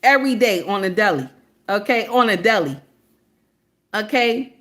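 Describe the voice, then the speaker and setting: A Southern US woman in her forties runs a livestream, casual, preachy and sassy, calling her viewers "baby" and asking "okay?". Her medium-pitched voice is animated and a bit bright at a normal speed.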